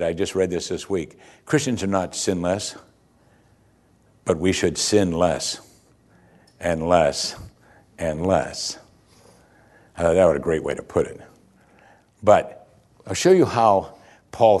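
A man preaching a sermon, explaining scripture in an animated way with chuckling asides and emphatic rising peaks. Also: low-pitched, a little slow, long pauses. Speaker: pastor.

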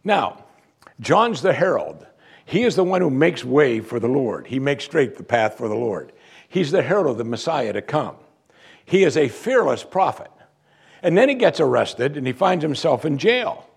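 A man's voice: mid-range voice, gravelly, slightly rough. A male pastor preaching a sermon in a church, emphatic and full of rhetorical questions.

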